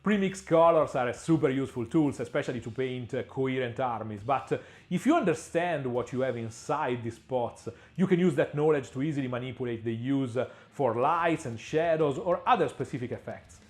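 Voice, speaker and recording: This scripted painting lesson comes from a man speaking in a mid-range voice. He explains steadily and deliberately, with small pauses throughout and the odd dry comment.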